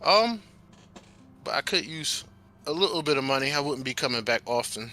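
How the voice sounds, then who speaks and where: A man's voice: mid-range voice, lively intonation, moderate pace, bright, forceful tone, slight background noise. A man voicing an awkward, stubborn young male merchant in a tabletop game who talks in a rambling way. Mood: sheepish. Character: young male shipping merchant with a stuck twang.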